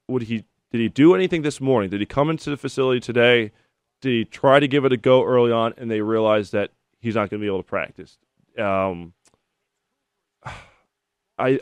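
A man's voice: medium pitch, clear, resonant tone, no room sound. A man in his thirties hosting a sports call-in radio show, chatting and telling stories between callers. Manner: chatty, storytelling, animated when telling anecdotes. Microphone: studio microphone.

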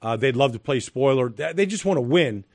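A middle-aged football pundit talks emphatically in a studio analysis segment, full of repeated phrases and fillers. His mid-range voice is animated, fairly quick and a little mellow, with no room sound.

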